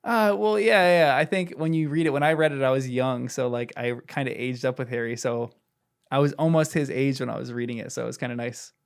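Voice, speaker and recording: A man's voice: mid-range voice, steady tone, brisk, gravelly, clear, resonant tone. A male podcast host chatting casually about a book, playful and laughing often, asking teasing questions. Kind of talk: casual book-club chat.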